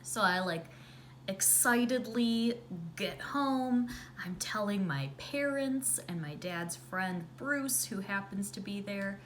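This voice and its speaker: A woman vlogger telling a story while doing her makeup, chatty and sarcastic, dropping into hushed voices when she quotes people. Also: medium pitch, lively intonation, takes it slowly, slight background noise. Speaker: beauty vlogger.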